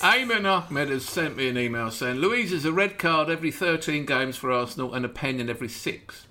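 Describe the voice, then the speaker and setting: A man with a high, bright voice that leaps all over the place as he rants about his team. He keeps firing off sarcastic rhetorical questions in casual podcast chat. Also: animated, fairly quick, a little hiss or hum. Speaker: podcast host.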